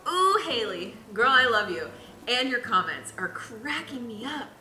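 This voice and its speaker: A young woman chats casually while streaming a video game, giggling and reading viewer comments aloud; she's bubbly and chatty, using many fillers. Her slightly high voice is pushed and bright, swinging widely in pitch at a measured pace. The recording carries a roomy echo and background music.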